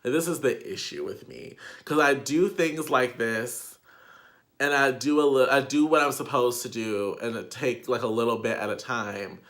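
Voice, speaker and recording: A man's voice: mid-range voice, normal speed, fairly bright tone. A young man vlogger telling a casual storytime, chatty and profane, with lots of "like" fillers.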